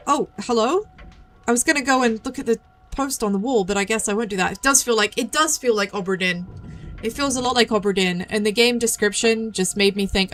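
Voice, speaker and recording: A woman's voice: on the high side, brisk, fairly bright tone. A young adult woman streaming a game, chatting casually, reading game text aloud and joking about herself. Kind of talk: casual gameplay commentary.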